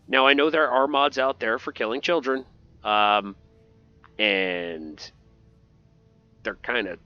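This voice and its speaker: A man's voice: mid-range voice, bright, forceful tone, highs cut off. A man giving casual, joking commentary over gameplay and talking back to game characters. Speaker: gaming video host.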